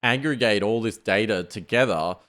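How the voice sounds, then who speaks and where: A man's voice: fairly low pitch, moderate pace, a bit bright. A man co-hosting a tech podcast, talking loosely with many fillers. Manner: loose, filler-heavy, uses "like" a lot. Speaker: podcast co-host. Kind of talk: casual tech podcast chat.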